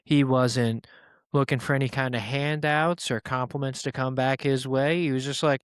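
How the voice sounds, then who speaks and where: A man's voice: medium pitch, fairly even intonation, moderate pace, clean tone, no echo, studio quality. A man hosting a comedy podcast, rambling through a story, swearing casually and acting out the people he quotes. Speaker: podcast host.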